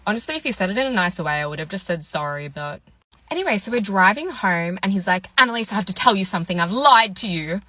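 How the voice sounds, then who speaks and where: Animated and quick, this twentysomething woman has a medium-pitched, bright, forceful voice with no echo. She's doing a casual story-time piece about a date, voicing each character's words.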